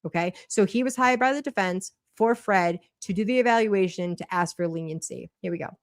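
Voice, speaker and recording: Hosting a casual livestream, a woman with a Boston accent reads a court document aloud, swearing freely as she goes. She speaks briskly in a mid-range voice, chatty and blunt. The sound is clean, studio-quality, with no echo.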